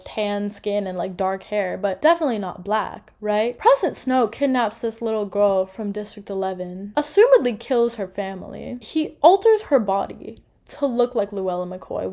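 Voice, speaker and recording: A young woman talking casually about a book she read, animated and full of filler words. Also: mid-range voice. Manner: animated, gushing, many filler "like"s. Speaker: book reviewer. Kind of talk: casual book review chat.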